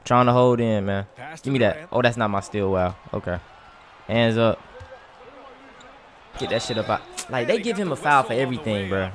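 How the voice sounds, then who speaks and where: Man, mid-pitched voice, excitable, trash-talking gamer commentary, frequent swearing. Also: normal speed, long pauses, a crowd in the background. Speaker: gaming streamer. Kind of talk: casual gameplay commentary.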